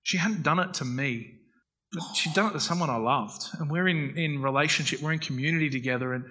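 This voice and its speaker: A man's voice: on the high side, poor audio. A man preaching a conversational sermon as a pastor, earnest and full of personal stories. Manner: earnest, storytelling, warm-hearted anecdotes.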